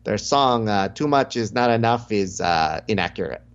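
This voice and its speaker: Man doing a halting fighter impression, stiff and formal, talks in third person, dull recording. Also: on the low side, animated, smooth, natural voice. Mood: trash-talking.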